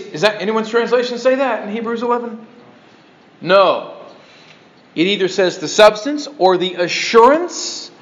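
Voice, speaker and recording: Lo-fi conversational male preacher. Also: sits high. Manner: conversational, animated, with frequent restarts and checking questions. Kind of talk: sermon.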